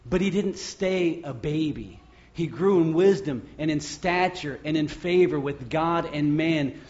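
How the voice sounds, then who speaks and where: A man preaching a sermon, retelling scripture stories with lively acted voices and quotes. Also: on the high side, measured pace. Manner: storytelling preacher acting out scripture scenes. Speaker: pastor. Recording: lo-fi muffled sound.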